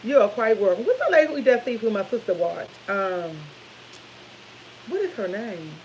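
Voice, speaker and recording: A woman's voice: medium pitch, animated, normal speed, darkish tone, highs cut off. Casual chatty woman on a livestream, goes on and repeats herself, slight hiss in the background. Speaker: livestream host. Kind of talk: casual chat to viewers.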